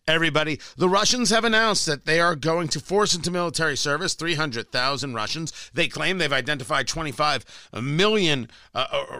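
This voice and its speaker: A male talk radio host delivers a rambling monologue, tripping over his words and dropping sarcastic asides. His voice sits high and sounds bright. The sound is close and dry, with no room echo.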